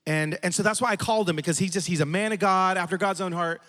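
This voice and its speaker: A man preaching a sermon as a lively, funny storyteller. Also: sits high, fast talker. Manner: animated, humorous storyteller. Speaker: pastor. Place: large church auditorium. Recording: long hall reverb.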